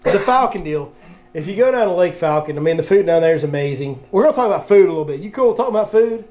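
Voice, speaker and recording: A man hosting a casual fishing podcast, excitable and laughing a lot. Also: high voice, fast. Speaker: podcast host. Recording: dull lo-fi podcast audio.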